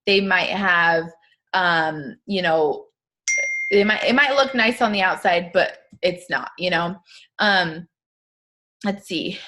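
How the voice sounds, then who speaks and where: A woman's voice: lowish voice, slow pace, pauses often, pushed and bright. A woman coaching her sales team on a live stream, casual and chatty, full of fillers and asides, upbeat and emphatic.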